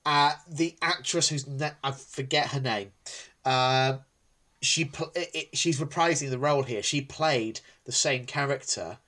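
A man's voice: medium pitch, unhurried, bright, forceful tone. A man co-hosting a casual podcast chat, who rambles with many ums and restarts. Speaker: podcast co-host.

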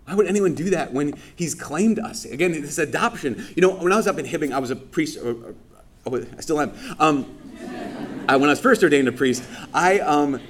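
Animated male priest telling a story. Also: on the high side, a little fast, a little hiss or hum. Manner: animated, acts out dialogue with self-deprecating humor. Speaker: Catholic priest. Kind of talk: sermon with personal storytelling.

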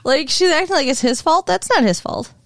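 A woman co-hosting a podcast, chatting casually, blunt and expressive, laughing often. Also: high-pitched, a little fast, slight background noise. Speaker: podcast co-host. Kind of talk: casual chat.

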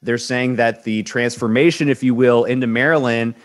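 A man's voice: medium pitch, fairly even intonation, moderate pace. A man of Cuban descent co-hosting an entertainment news show, giving a blunt, emphatic opinion and often repeating words as he builds his point. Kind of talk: opinionated co-host chat.

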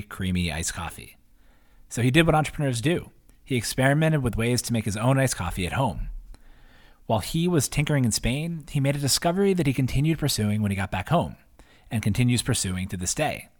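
A man reading his own newsletter post aloud as scripted narration, in a chatty way with wry asides. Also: medium pitch. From half Italian.

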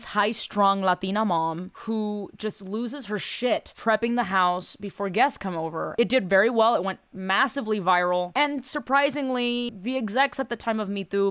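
A woman sketch comedian talks candidly and bluntly about her characters, swearing freely. Her voice is smooth and clear, sits at a middle pitch, and is recorded dry and close. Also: normal speed, few pauses, a bit bright, no echo. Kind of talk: casual podcast conversation.

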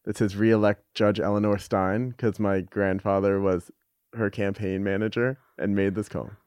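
A middle-aged man, a podcast guest, talking candidly and thoughtfully, with halting restarts and the odd swear word. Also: on the low side, flat delivery, darkish tone, smooth, no room sound, clean studio sound. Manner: reflective, halting, with frequent restarts and casual swearing. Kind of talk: candid conversational storytelling.

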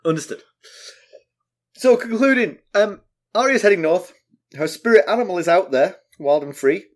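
A man with a somewhat higher voice co-hosting a podcast. He chats casually, drops dry, wry remarks, and often stumbles and repeats words as he gets going. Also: animated, normal speed. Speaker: podcast co-host. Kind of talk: casual chat.

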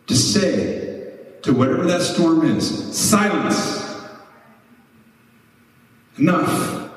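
A man's voice: fairly low pitch, a little mellow. Impassioned male pastor in an echoing hall. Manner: impassioned, rising to emphatic peaks. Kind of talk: sermon. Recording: echoey hall, mic far off.

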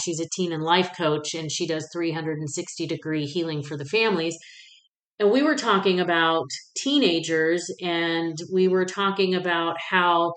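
Lowish-voiced woman podcaster in echoey room. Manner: candid, swears freely, animated storytelling. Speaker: podcast host. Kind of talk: casual personal monologue.

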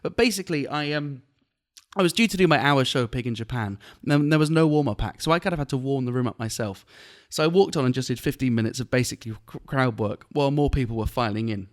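A man, a comedian, telling a story on a podcast in an animated way and laughing often. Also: medium pitch, fast. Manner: animated, laughing while retelling an anecdote. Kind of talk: casual storytelling chat.

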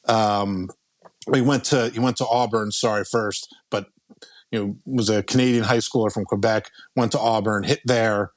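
A man's voice: lowish voice, fairly even intonation, normal speed, dry recording. Laid-back man talking baseball prospects. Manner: loose, fillers and restarts, joking. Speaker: baseball prospect analyst, podcast regular. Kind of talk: casual podcast chat.

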